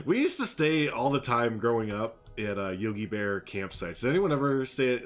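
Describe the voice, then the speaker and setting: A man's voice: mid-range voice, big pitch swings, fairly quick. A man live-streaming a game, chatting casually with his viewers in a rambling, jokey way and laughing often.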